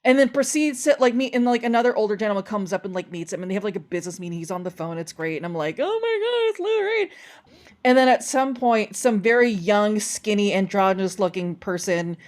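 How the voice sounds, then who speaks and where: A woman guest on a podcast, telling animated stories in casual chat and filling her talk with "like". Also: medium pitch, fast, few pauses. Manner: animated storytelling, lots of "like".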